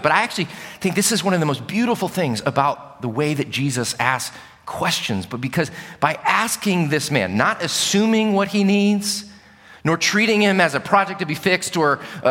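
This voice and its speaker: A male preacher delivering a sermon, telling the story with energy and moving between hushed, slow lines and loud, raised ones. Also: on the high side. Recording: long reverb of a large hall.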